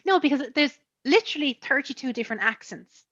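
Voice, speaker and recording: A woman from Ireland with an Irish accent, an author chatting in a casual interview, joking with quick asides. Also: high voice, lively intonation, fairly bright tone, dry recording, dull audio. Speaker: author guest. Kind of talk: casual video-call interview.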